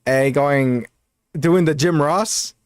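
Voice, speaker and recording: A man co-hosts a casual gaming podcast in a fairly high voice. He rambles, restarts his sentences, and breaks into quick laughs. The sound is dry and close. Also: smooth, no room sound. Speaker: podcast co-host.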